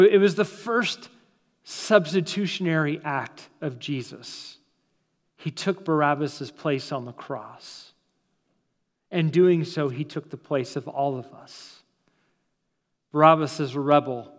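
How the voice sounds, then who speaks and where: A man, a pastor, preaching a sermon with dramatic pauses, slowing down and dropping soft for emphasis, in a church sanctuary. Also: a little high, in a large hall. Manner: dramatic preaching, slows and drops to near-silence for emphasis.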